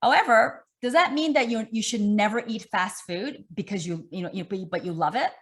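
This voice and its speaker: A middle-aged woman fitness coach, talking in an animated, emphatic way with lots of repetition during an online interview. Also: mid-range voice, brisk.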